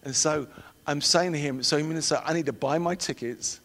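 A middle-aged man preaching a sermon and telling personal stories, shifting from loud emphatic declarations to hushed storytelling. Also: fairly high pitch, fairly quick. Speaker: preacher and missionary trainer. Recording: long hall reverb.

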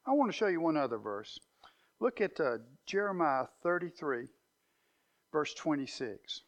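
High-voiced male preacher teaching emphatically. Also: very animated, unhurried. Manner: emphatic Bible teaching, rising to loud declarations. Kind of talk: sermon.

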